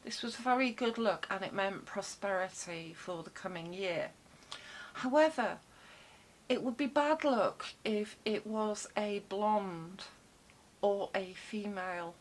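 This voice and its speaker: A woman putting on a playful mock Scottish accent. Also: slow. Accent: put-on Scottish. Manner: playful, exaggerated, pitch leaping high. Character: the vlogger herself in mock Scottish.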